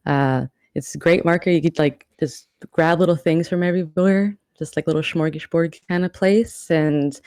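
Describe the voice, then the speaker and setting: A woman's voice: sits low, mellow, dry recording, studio quality. A woman from the New York area, a cosplayer guest, chatting casually and rambling with many restarts. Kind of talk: casual podcast chat.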